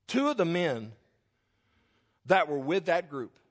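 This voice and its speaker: A male preacher delivers a sermon in a high voice that leaps up and down constantly. He keeps it conversational and joking, acting out the figures he tells about. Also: slow pace. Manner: animated and conversational, with humorous asides; acts out the figures in the story.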